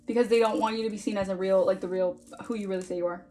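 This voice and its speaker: A woman's voice: mid-range voice, fairly even intonation, very fast, warm tone, a little hiss or hum. Chatty woman doing a tarot reading. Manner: chatty, repeats "all right?" often. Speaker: tarot reader.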